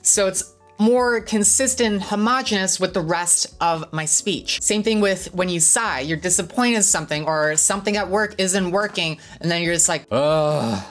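A woman's voice: medium pitch, normal speed, a bit bright, soft background music. A woman teaching voice training in a casual vlog, explaining things by demonstrating shifts in her own voice. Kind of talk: instructional vlog.

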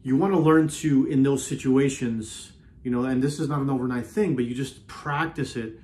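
A man hosting a self-help video, talking earnestly in a casual motivational way, often repeating himself and slowing down on key phrases. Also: medium pitch, fairly even intonation, a little mellow. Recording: roomy echo.

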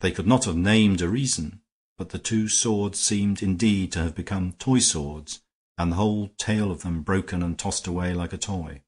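A male audiobook narrator reads in a measured, steady manner. His voice is low and noticeably husky, never bright or crisp. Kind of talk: scripted narration.

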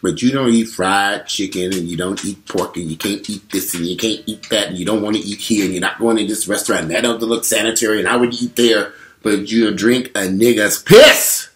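A man in his forties telling a candid, profane story straight to his viewers in an animated way. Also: lowish voice, fairly quick, slight background noise. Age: 40s. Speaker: vlogger.

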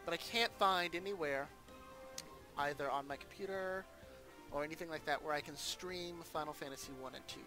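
A man's voice: fairly high pitch, normal speed, music in the background. A man hosting a let's play, giving casual gameplay commentary and thinking aloud with chatty asides.

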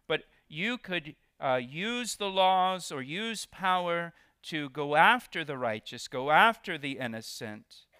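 A man preaching a sermon as pastor, with expressive delivery that leans hard on key words. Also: on the high side, clean tone, no room sound, clean studio sound. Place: church.

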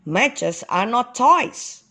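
A woman's voice: on the high side, very slow, pitched above the performer's own voice, exaggerated voice. A woman doing a patient, careful father ox. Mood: calm. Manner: calm, instructive reminders.

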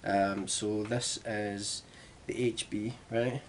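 A young Glaswegian man with a lowish voice talks to camera in a loose, chatty vlog style. He pokes fun at himself and wanders off into asides. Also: level tone, slow, slight background noise. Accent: Glaswegian Scottish. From Glasgow, Scotland. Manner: chatty and self-deprecating, with rambling asides. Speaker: vlogger. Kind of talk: casual vlog chat.

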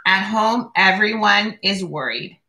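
A woman reads a picture book aloud at a slow, deliberate pace. Her voice is bright and clear, and she stops now and then to describe the pictures. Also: medium pitch, lively intonation, slight background noise. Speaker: reader.

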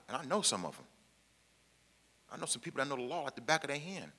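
A man's voice: medium pitch, very animated, fast talker, pauses often, sharp tone, slightly rough. A man from the Pacific Northwest who was formerly incarcerated, speaking emphatically to an audience in a meeting hall and repeating his key lines in plain, colloquial speech. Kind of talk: impassioned public talk to an audience. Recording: long hall reverb.

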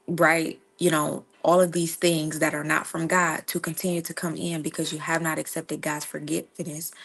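Earnest woman with a gravelly low voice. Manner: earnest, conversational, repeats "right?" often. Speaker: Christian livestream host. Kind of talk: casual devotional talk.

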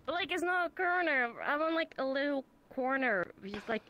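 A woman's voice: animated, moderate pace, dull audio, crowd noise. A woman chatting and teasing playfully in a VR roleplay. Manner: playful teasing, jumpy pitch. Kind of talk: casual chat.

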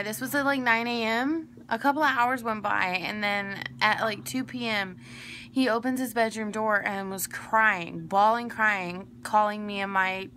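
Young adult woman, casual vlogger, digressive and emphatic, bright tone. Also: mid-range voice, a little hiss or hum. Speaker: vlogger telling a personal story. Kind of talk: casual storytelling to camera.

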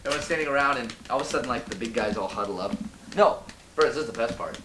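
A man's voice: medium pitch, animated, fast talker. A middle-aged man casually telling a rambling anecdote to friends, laughing and acting out what people said. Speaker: storyteller. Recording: roomy, distant, noisy home recording.

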